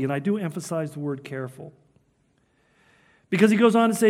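An older man preaches with a notably high voice, earnest and emphatic. His phrases rise and fall as he builds each point. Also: animated, a little fast, pauses often, a little mellow. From Southern California. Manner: earnest, emphatic preaching with rising and falling delivery. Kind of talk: sermon on prophecy.

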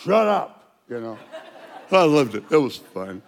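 An older man, a street evangelist, telling testimony stories in an animated way and loudly acting out the dialogue. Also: mid-range voice, a little slow, in a large hall. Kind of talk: storytelling testimony.

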